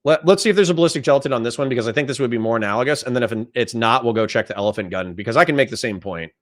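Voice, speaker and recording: A man's voice: mid-range voice, racing. A man hosting a livestream, reading out chat messages and answering them in a blunt, profane, conversational way. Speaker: livestream host.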